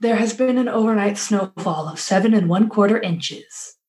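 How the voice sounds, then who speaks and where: A woman's voice: mid-range voice, normal speed, a little mellow, close to an everyday voice. Woman voicing a formal robot housekeeper. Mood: matter-of-fact. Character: stiff workaholic robot housekeeper, female-leaning.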